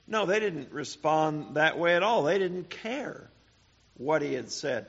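Male Bible teacher, sermon, slow deliberate talk, rhetorical questions, slightly dull lo-fi sound. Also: a little high, animated, vocal fry, fairly bright tone, breathy edge.

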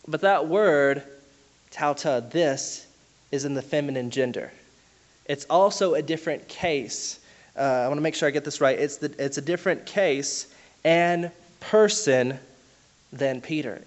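Conversational male preacher, slightly high. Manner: conversational teaching, explains and asides with self-corrections. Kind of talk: sermon.

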